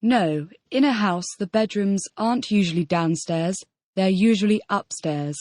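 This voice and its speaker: A woman's voice: medium pitch, unhurried, darkish tone, dry recording. Woman, model answers, full sentences, dry recording, scripted lesson. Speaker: model student answering drills.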